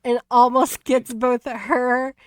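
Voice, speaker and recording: A woman's voice: fairly high pitch, little pitch movement, takes it slowly, clean tone, dry recording, studio quality. A woman hosting a stream, chatting casually about a video game and retelling scenes with many restarts. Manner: rambling, many restarts, laughs easily. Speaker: streamer host.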